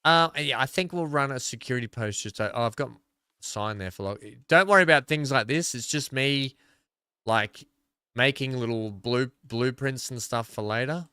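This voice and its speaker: Bright, clear Australian man playing a game. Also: mid-range voice, moderate pace, no echo, studio quality. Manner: rambling, thinking aloud while playing. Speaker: gaming video creator. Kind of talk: casual gameplay commentary.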